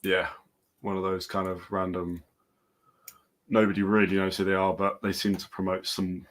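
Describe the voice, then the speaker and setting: Laid-back low-voiced man. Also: monotone, moderate pace. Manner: laid-back, hedging, trails off. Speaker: co-host. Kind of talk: casual boxing chat.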